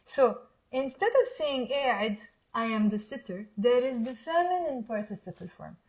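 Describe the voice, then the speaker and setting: A young woman with a Lebanese accent teaching Arabic in a live online lesson, repeating words slowly and quizzing her listeners. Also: on the high side, lively intonation, a little mellow.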